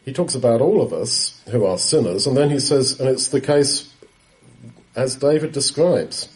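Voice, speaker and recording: Male preacher, dark mellow tone, steady explanatory sermon delivery. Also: medium pitch, poor audio. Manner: unhurried, explanatory, quotes scripture often. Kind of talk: Bible teaching talk.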